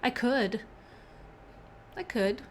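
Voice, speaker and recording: A young woman with a fairly high voice speaks extremely slowly over a slight hiss or hum. She's hosting a casual live-coding stream, chatting with viewers, reading their chat messages aloud and laughing often.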